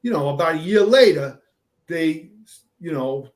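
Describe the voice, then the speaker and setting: Profane older man, fairly high voice. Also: unhurried. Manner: animated, profane storyteller. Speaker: guest, veteran fire captain. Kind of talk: casual storytelling in an interview.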